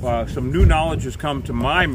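A man's voice: a little high, normal speed. A man hosting a casual vlog outdoors, joking and rambling, his speech slightly slurred after dental surgery. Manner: jokey, rambling, self-mocking. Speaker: host. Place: outdoors on rural property. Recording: distant mic with loud outdoor noise.

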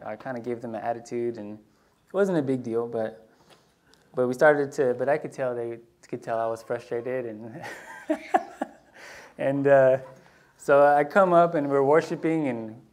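A man's voice: medium pitch, a little mellow. Casual storytelling male pastor. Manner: casual, storytelling, many restarts and asides. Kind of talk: conversational sermon with personal stories. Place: church sanctuary.

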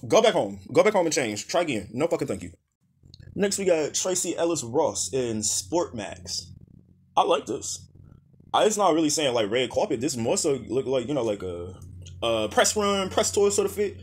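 A man's voice: medium pitch, big pitch swings, normal speed, a little mellow, breathy edge. A man roasting red carpet outfits in blunt, profane rants, calling names over and over and telling people to go to hell. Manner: blunt, profane, exasperated rants with repeated name calls. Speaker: fashion critic.

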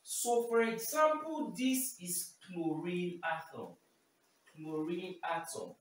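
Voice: mid-range voice, animated, slow. A chemistry teacher giving a simplified video lesson, repeating key terms and often checking in with "okay?". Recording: very echoey room, voice far from mic, faint noise.

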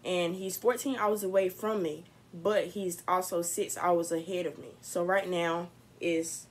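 A woman's voice: on the low side, fairly even intonation, unhurried, poor audio. A young woman talking casually to camera for her vlog, chatty, candid and upbeat. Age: young adult. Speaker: vlogger.

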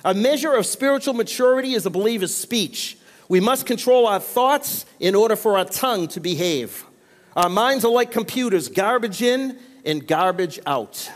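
New guy preaching, pretty high voice, big echoey church hall, keeps asking amen?. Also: lively intonation, normal speed. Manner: call-and-response preaching, frequent amens. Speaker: pastor. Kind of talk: sermon. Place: church sanctuary. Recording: long reverb of a church hall.

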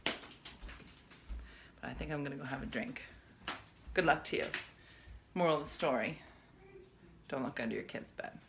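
In this casual comic rant to camera, a middle-aged vlog host and comedian vents her exasperation, gasping and exclaiming from a bedroom at home. She speaks at a moderate pace in a very deep voice with vocal fry and long pauses, over background noise.

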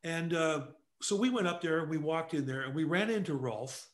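An older man from Canada, a guest telling anecdotes casually, animated and quick to laugh. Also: fairly high pitch. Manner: animated storyteller who acts out quotes, laughs often. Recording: echoey room.

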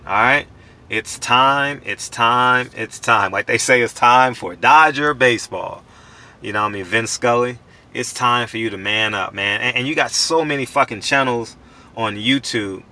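A man in his forties talks outdoors with a very bright, forceful edge to his voice. He preaches hard, repeating phrases and swearing for emphasis. Faint street noise runs underneath. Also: mid-range voice. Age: 40s. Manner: preachy, repetitive, profane and emphatic. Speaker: channel host giving life advice. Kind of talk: casual motivational talk.

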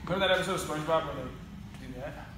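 A man co-hosting with quick, playful, wisecracking banter. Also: fairly high pitch. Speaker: co-host. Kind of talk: joking banter. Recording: echoey, distant mic, background noise. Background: ambient noise.

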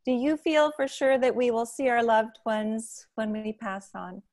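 Woman, meeting host on a video call, reads audience questions, gentle and polite, fairly high voice. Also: unhurried.

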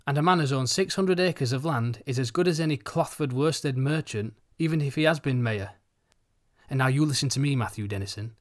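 A man voicing a sharp, fussy older farmer's wife who talks insistently and pitches up for emphasis. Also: fast, natural voice.

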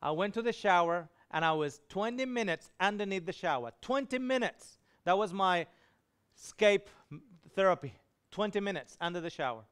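A man preaches, telling a personal story with feeling. His voice sits high and sounds smooth and resonant. He acts out the people in the story as he goes. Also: animated, moderate pace, fairly bright tone. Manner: emotional storytelling, voicing quoted dialogue. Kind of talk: sermon testimony.

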